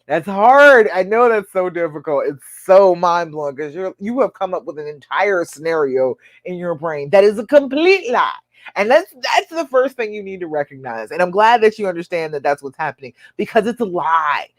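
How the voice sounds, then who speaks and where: A woman's voice: lowish voice, animated, normal speed, no echo. A woman hosting a live relationship-coaching show, answering viewer questions in an earnest, encouraging way and acting out imagined inner voices.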